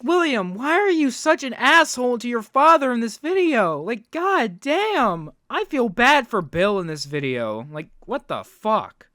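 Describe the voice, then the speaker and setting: A host reacts to a video clip with indignant, profane rants. The voice sits at a middle pitch and is recorded dry and close, with no room sound around it. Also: big pitch swings, normal speed, few pauses, pushed and bright, dry recording.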